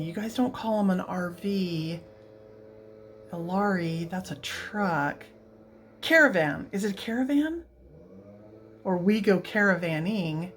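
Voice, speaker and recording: A woman's voice: medium pitch, a little hiss or hum. A woman chatting through a coloring book, gushing over each page and wandering off into rambling asides. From United States.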